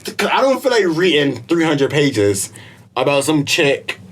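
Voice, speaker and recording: Young guy from israel, slangy animated storyteller, laughs a lot, voice jumps all over. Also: fairly high pitch, a little slow. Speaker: podcast co-host. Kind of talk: casual chat.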